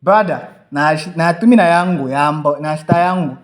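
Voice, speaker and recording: A man telling a rambling, animated story on a podcast, swearing freely and acting out the lines of the people in it. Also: a little high, brisk, a little hiss or hum. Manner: animated, swearing, acts out quoted dialogue. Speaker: podcast co-host. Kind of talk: casual storytelling chat.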